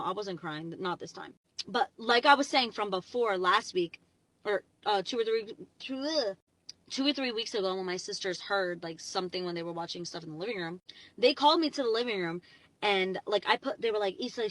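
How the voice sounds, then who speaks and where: A young woman telling a storytime vlog into her phone from her parked car, rambling and excitable, packing her talk with "like". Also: fairly high pitch, no echo, poor audio. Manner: chatty, rambling, heavy "like" fillers, excitable. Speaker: vlogger.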